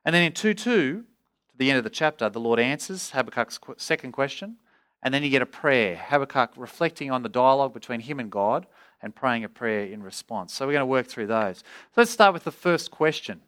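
A man preaching an expository sermon, earnest, rising in pitch when he voices pleas to God. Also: animated, fairly quick, a bit bright.

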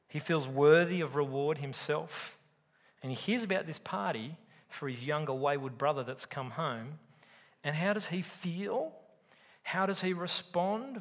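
Preaching to a live church congregation, a man with a mid-range, fairly bright voice speaks emphatically and puts questions to his listeners. The hall around him is reverberant.

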